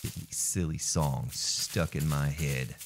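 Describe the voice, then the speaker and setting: A man's voice: a bass voice, slow, slight background noise. A man casually commenting on his gameplay as a let's play host, chatty and jokey, addressing viewers as folks.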